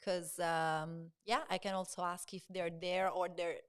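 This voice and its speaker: A woman's voice: lowish voice, little pitch movement, measured pace, smooth. Cheerful Italian-accented woman guest. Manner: cheerful, eager. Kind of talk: casual interview chat.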